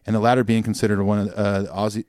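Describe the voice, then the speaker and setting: A man's voice: on the low side, flat delivery, quick pace, darkish tone, clean tone, no room sound, studio quality. A man co-hosting a podcast in casual chat, rambling with fillers and laughing often. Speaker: podcast co-host.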